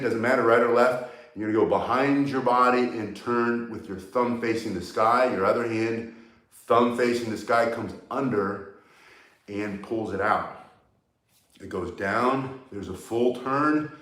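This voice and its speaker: A man of medium pitch and normal speed, with a fairly bright tone, teaches a staff-spinning tutorial in an echoey room. As a martial arts instructor, he coaches each step while moving and runs out of breath as he exercises with the staff.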